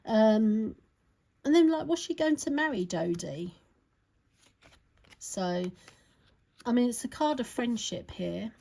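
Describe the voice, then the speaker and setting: A woman's voice: on the high side, expressive, slow, gravelly, long pauses, dark tone, poor audio. A woman giving a casual, rambling tarot reading to camera, talking in a chatty way with many fillers and tag questions. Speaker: tarot reader.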